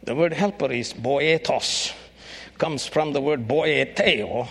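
A man preaching a sermon, emphatic and rising to shouts on key phrases. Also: mid-range voice, slow, creaky, breathy edge.

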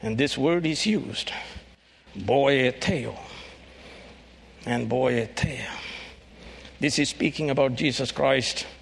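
A man preaching a sermon, emphatic and rising to shouts on key phrases. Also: mid-range voice, takes it slowly, gravelly, long pauses, husky.

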